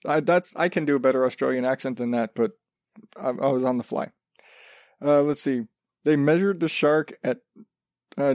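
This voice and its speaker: A man's voice: a little high, darkish tone, no echo, clean studio sound. A man hosting a casual solo podcast, rambling with lots of restarts and swearing freely. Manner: rambling, profane, self-interrupting. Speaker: podcast host.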